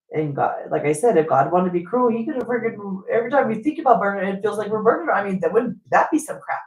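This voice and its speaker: Woman, fifties, blunt, animated, rambling spiritual talk, mild swearing, echoey room. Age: 50s. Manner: animated, blunt, mild swearing, jumps to high quoted voices. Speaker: spiritual vlogger.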